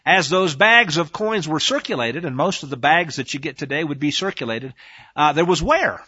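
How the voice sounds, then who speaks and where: A man's voice: fairly high pitch, animated, moderate pace, sharp tone, slightly rough, no echo, muffled recording. A man hosting a talk radio show in a rambling, emphatic monologue, with frequent restarts. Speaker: radio host.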